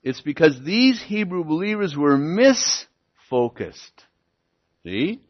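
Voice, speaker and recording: A man preaching a sermon as pastor, teaching verse by verse, often checking in with "okay?" and "see?" and slowing down to stress key words. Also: a little high, sing-song. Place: church. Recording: lo-fi church recording.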